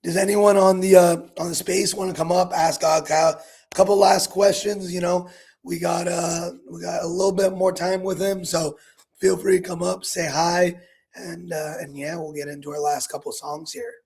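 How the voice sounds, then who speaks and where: Male host, gravelly husky voice, fairly high, easygoing and upbeat. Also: flat delivery, moderate pace, darkish tone. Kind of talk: casual live chat hosting.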